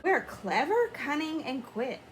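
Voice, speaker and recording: A woman voicing a big, round, patient female cat teacher who speaks in a measured, lecturing way in a storybook read-aloud. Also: sits high, very animated, slight background noise.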